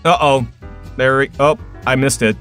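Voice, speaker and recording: A man's voice: medium pitch, steady tone, normal speed, a bit bright, faint music behind. A man hosting a gaming podcast, reading plugs and chatting loosely with plenty of fillers. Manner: rambling, filler-heavy, laughs easily. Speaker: podcast host. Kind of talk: casual podcast chat.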